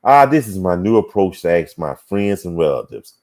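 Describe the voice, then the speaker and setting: A man's voice: low voice, big pitch swings, normal speed, a little mellow. A man hosting a casual talk show, reading viewer comments aloud and musing on them with hums and sighs. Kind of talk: casual livestream chat.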